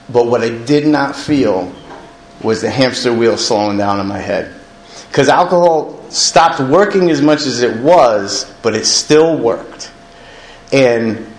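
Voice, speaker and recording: A man speaking candidly to a recovery meeting, telling his own story in a conversational, self-mocking way and often asking the room "right?". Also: medium pitch. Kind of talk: personal recovery story told to a group. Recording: echoey room with faint ambience.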